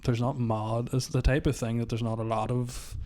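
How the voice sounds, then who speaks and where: A young man with a mid-range voice, co-hosting a relaxed podcast. He feels his way through his answers, hesitating and thinking aloud. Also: medium pitch, moderate pace, a little hiss or hum. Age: young adult. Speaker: podcast co-host. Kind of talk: casual chat.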